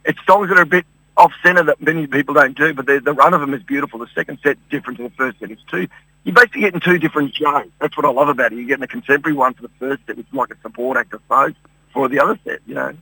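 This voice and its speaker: A man's voice: medium pitch, racing, sharp tone, breathy edge, dry recording, rough recording. A man with an Australian accent, a guest singer rambling through a radio interview, restarting his sentences often.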